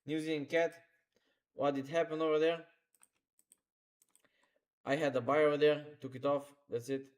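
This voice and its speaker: A man's voice: fairly high pitch, little pitch movement, moderate pace. Man talking through charts live. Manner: instructive, repeats phrases, non-native grammar. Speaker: trading streamer. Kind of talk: live market commentary.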